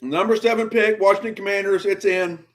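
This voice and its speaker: A man with a high-pitched voice rants through a live draft reaction stream. He mutters low and grumbling, then bursts out louder in exasperation. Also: fairly even intonation, fairly quick. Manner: exasperated ranting, swings from muttering to outbursts.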